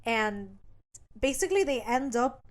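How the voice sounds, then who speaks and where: A woman's voice: on the high side, lively intonation, measured pace. A woman co-hosting a podcast, recapping a book in casual, profane slang and acting out the characters' lines. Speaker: podcast co-host.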